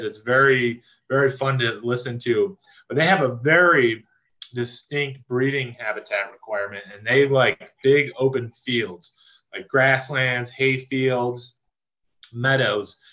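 Man, enthusiastic casual birding teacher, sharp bright tone, slightly lo-fi call mic. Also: medium pitch. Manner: relaxed, enthusiastic, many fillers and restarts. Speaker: land trust staff member teaching birding. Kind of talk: casual virtual presentation. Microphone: video call microphone. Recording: slightly dull lo-fi video call audio.

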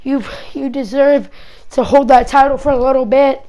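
A cocky male wrestling champion from a video game, smug and taunting, as a woman puts him on. He speaks lower and quieter than the commentary around him, with a self-satisfied edge. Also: moderate pace, highs cut off, natural voice.

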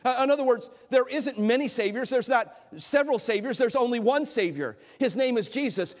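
A man's voice: very high voice, sing-song, moderate pace, hardly any pauses. A male pastor delivering a sermon in an earnest preaching manner, often repeating words and restarting phrases. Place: church sanctuary. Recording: church sanctuary with long reverb.

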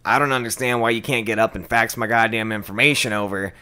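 A man's voice: lowish voice, steady tone, quick pace, pushed and bright, clean tone. A man voicing a cranky older male customer on the phone, with a folksy drawl that calls people son and flips into cursing. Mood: angry.

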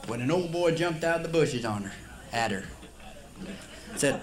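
A man's voice: a little high, animated, normal speed, long pauses. A man from the Cincinnati area doing live stand-up in a nightclub, folksy and ribbing the crowd. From Cincinnati, Ohio area. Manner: folksy, ribbing the audience, laughing at his own jokes. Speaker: stand-up comedian. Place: nightclub stage.

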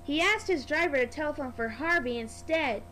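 A woman's voice: sits high, expressive, normal speed, sharp tone, slight background noise, rough recording. A woman narrating a children's storybook in a careful read-aloud manner.

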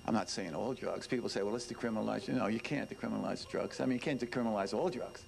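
A man's voice: fairly low pitch, fast talker, gravelly, darkish tone, low-quality recording. A man, a former detective giving an informal talk to students, emphatic and repetitive, with many "you know"s. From New York. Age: 70s.

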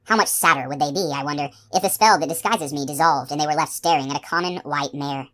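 A woman's voice: sits low, fast, a bit bright. A woman voicing a grave, wistful female unicorn. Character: wistful immortal female unicorn, proud and lonely.

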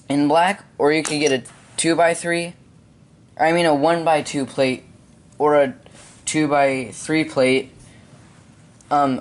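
A man giving step-by-step building instructions at home, halting with frequent ums. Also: a little high. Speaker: hobby video maker.

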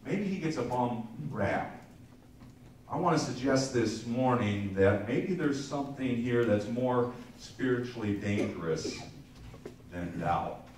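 A man's voice: mid-range voice, lively intonation, slow, a little mellow, distant mic. A man in the pulpit delivering a sermon, talking with the congregation as much as preaching at them, doubling up words as he goes. His voice sits in a middle register. It carries through a very echoey church, picked up from well back off the mic with a faint hiss behind it. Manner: conversational preaching with asides to the congregation; frequent repeated words and restarts. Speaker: pastor. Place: church sanctuary.

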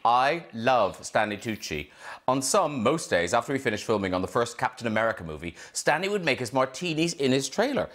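A man's voice: medium pitch, very animated, a little fast, a bit bright. A male talk show host with an Irish accent, reading a teasing monologue and chatting with a guest. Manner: wry, teasing, giggly. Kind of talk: scripted monologue and interview. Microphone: video call from home.

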